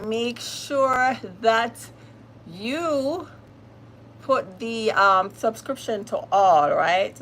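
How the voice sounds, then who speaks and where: A woman's voice: medium pitch, a bit bright, slight background noise. A woman with a Jamaican accent hosting a casual livestream, greeting viewers by name in a chatty, upbeat way. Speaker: livestream host.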